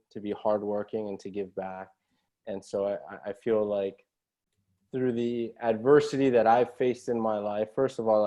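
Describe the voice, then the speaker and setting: A man with a dark voice on the low side appears as a podcast guest. He tells a story casually with an earnest, motivational feel. He ends many phrases with a questioning "right?".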